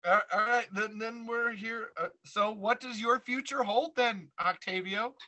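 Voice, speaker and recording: A man with a high, very bright, sharp voice hosts a podcast interview. He jokes and laughs as he talks, keeping the chat loose and casual. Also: a little slow, poor audio. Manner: laughing, joking, animated. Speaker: podcast host.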